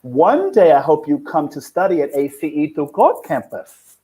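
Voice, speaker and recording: A man's voice: a little high, very animated, warm tone, slightly rough. Upbeat male English teacher, laughing often. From foreign, living in Cambodia. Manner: upbeat, laughs often, explains slowly and patiently. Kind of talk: casual live-stream chat.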